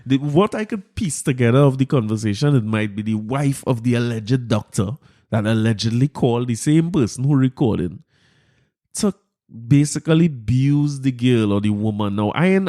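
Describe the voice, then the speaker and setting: A man with a Trinidadian accent hosting a podcast, talking through the news in a casual monologue, animated and incredulous, often repeating his words. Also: mid-range voice, dry recording, studio quality. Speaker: podcast host.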